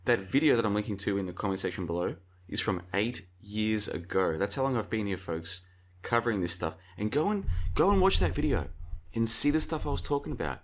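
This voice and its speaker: A man's voice: lowish voice, animated, fairly quick. A man hosting a casual commentary video, rambling through anecdotes and calling his viewers folks. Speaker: video host.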